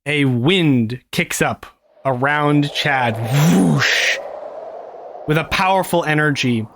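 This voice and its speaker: A man narrating as game master of a tabletop game, laughing often and filling pauses with ums. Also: on the high side, fairly bright tone, a little hiss or hum. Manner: laughs often, many fillers.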